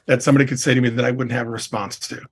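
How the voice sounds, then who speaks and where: A middle-aged real estate coach appears as a guest on a casual podcast interview, his husky, slightly breathy voice pitched in an ordinary middle range. He talks in rapid-fire, relaxed but emphatic fashion, leaning on "I mean" and "right?" to check in with his listener as he drives each point home.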